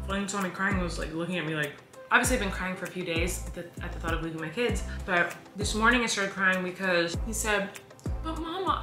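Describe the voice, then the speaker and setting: A woman in her thirties talking fast and rambling in a casual vlog, stressed and overwhelmed. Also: fairly low pitch, echoey room. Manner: rapid, chatty and rambling. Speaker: vlogger. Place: hotel room.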